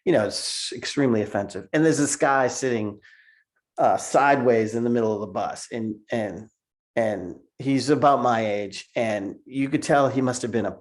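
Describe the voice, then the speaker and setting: A man's voice: medium pitch, normal speed. A middle-aged man, a cartoonist, telling stories in a casual interview over a video call, laughing often and repeating words as he goes. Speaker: cartoonist guest.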